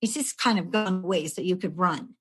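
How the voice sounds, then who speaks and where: A stress management coach in her sixties tells her own story on a casual podcast, her voice lowish, brisk and slightly rough, with faint music behind. An animated storyteller, she acts out the voices of the people involved, laughing as she goes.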